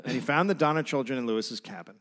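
A man co-hosting a comedic history podcast, reading out old quotes and breaking into shouted silly voices. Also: mid-range voice, quick pace. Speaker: podcast co-host.

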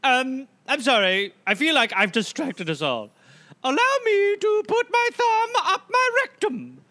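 A man's voice: very high-pitched, wildly swooping pitch, measured pace, pushed and bright, no echo, heavily acted. A man voicing a silly, childish male senator who spouts nonsense sounds in a comedy podcast bit. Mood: goofy.

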